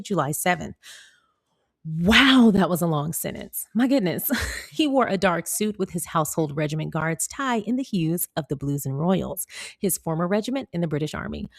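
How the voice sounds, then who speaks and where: American woman vlogger, conversational, slightly low voice, dry recording. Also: a little mellow, no echo. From United States. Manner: chatty, laughs often, talks straight to viewers. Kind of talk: casual commentary and reading aloud.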